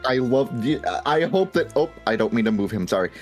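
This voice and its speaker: A woman's voice: a bass voice, animated, fairly quick. A woman playing a tabletop game, chatty and easily amused, with faint music behind. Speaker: player. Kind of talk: casual chat.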